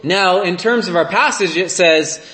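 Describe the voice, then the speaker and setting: A man in his thirties preaches in a friendly, storytelling way, often tossing in "right?" to pull his listeners along. His voice sits a little high for a man. The sound carries a clear echo from the room around him. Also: moderate pace, sharp tone. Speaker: priest. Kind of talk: conversational sermon.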